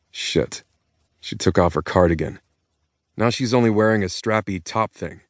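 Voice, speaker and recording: A man's voice: on the low side, dry recording, clean studio sound. A young adult man narrating an audiobook in first person, cocky and self-mocking.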